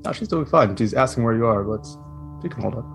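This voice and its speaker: A man voicing a calm, reassuring caregiver on the phone in a tabletop game, hesitant with fillers. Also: medium pitch, fast, creaky, faint music behind.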